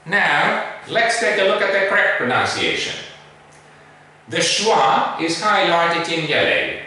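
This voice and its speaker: Slow, emphatic male pronunciation teacher. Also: a little high, huge pitch swings, sharp tone, distant mic. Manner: slow, emphatic, models words carefully. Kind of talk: English pronunciation lesson. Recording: echoey room, voice off-mic.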